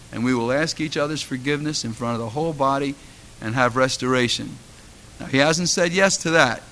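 Bright-voiced impassioned man preaching. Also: medium pitch, a little hiss or hum. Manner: impassioned storytelling, voice rising to fervent exhortation. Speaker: pastor. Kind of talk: sermon.

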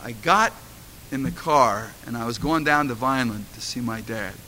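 Bright-voiced impassioned man preaching. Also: mid-range voice, moderate pace, a little hiss or hum. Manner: impassioned storytelling, voice rising to fervent exhortation. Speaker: pastor. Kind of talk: sermon.

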